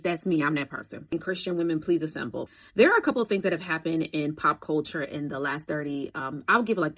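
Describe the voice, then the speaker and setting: In casual faith commentary to camera, a Christian content creator preaches in a conversational way that swells into emphatic exhortation. Her fairly low voice has a bit of brightness, captured on a low-quality recording.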